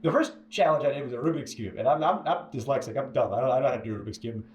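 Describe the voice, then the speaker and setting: A man telling a personal story as an interview guest, full of stammered restarts and sudden jumps into a high, animated voice. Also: very fast, dull audio. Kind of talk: casual storytelling. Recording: echoey room with faint ambience.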